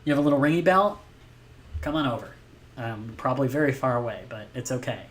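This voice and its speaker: A man streaming a video game live, chatting in a playful, excitable way with many fillers. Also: mid-range voice, fast.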